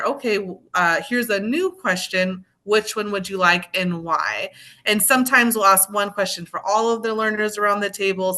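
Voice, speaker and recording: A woman's voice: mid-range voice, pushed and bright. A woman tutor describing a classroom activity casually on a video call, with many fillers. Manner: chatty, filler-heavy. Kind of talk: casual group discussion.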